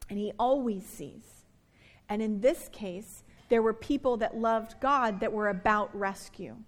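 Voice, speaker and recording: A woman in her thirties, a pastor delivering an earnest sermon and slowing down to stress key words. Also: medium pitch.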